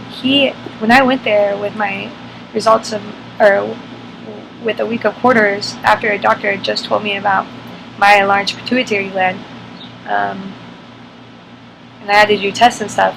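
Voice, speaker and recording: A woman's voice: mid-range voice, vocal fry, noisy background. A woman vlogger telling a personal story to the camera, candid and emotional, with many fillers.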